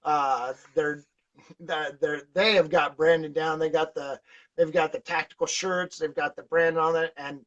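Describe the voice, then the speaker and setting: A man with a fairly high voice chats as a podcast guest, wandering through his stories with lots of uh's and restarts. He gets animated and laughs as he tells them. The recording sounds dull and lo-fi. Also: a little slow. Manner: rambling, many fillers and restarts. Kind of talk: casual conversation.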